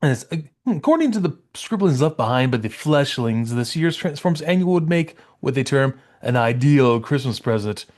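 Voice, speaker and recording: A man's voice: mid-range voice, animated, normal speed, few pauses, a little mellow, close to an everyday voice. A man voicing a haughty robot villain who looks down on humans, reading in a formal, disdainful way. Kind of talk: reading a comic page in character.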